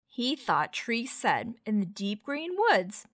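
A woman teacher reading a children's picture book aloud, expressive and gentle, pausing to explain words. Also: on the high side, no echo, clean studio sound. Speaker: teacher, storyteller. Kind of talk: children's story read-aloud.

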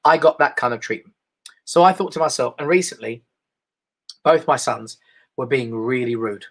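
This middle-aged Englishman is doing casual, rambling live stand-up for an online audience. He talks at a moderate pace in a mid-range voice, chatty and prone to mimicking voices.

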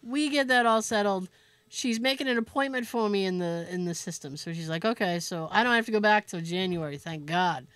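A woman co-hosting a podcast, telling a story in an animated, profane way and laughing as she goes. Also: mid-range voice, fairly quick, no echo. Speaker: podcast co-host. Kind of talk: casual storytelling chat.

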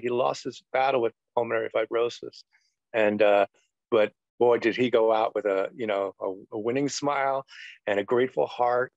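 A middle-aged man, once a pastor, tells his testimony in an earnest, meandering way, leaning on "you know" between thoughts. His pitch sits in an ordinary male middle range. The sound is dry and dull, like a lo-fi recording. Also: creaky, no echo. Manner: earnest, rambling storyteller full of "you know". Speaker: retired pastor, interview guest. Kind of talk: personal testimony in a podcast interview.

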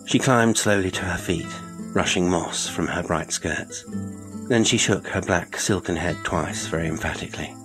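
A man narrating a classic horror audiobook in a measured, theatrical reading. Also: low-pitched, over music, rough recording.

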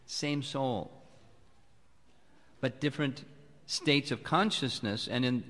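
A man giving a sermon as a spiritual teacher, speaking in a calm, measured, reflective way. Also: mid-range voice. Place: temple hall. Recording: long hall reverb.

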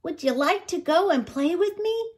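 A woman voicing a brave young male fox cub in a storybook, with a high, excited voice. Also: moderate pace. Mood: eager.

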